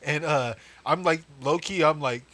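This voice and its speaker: A young man co-hosting a podcast, telling stories in a casual, animated way, swearing and laughing as he goes. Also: a little high, a little slow. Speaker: podcast co-host. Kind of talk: casual storytelling chat.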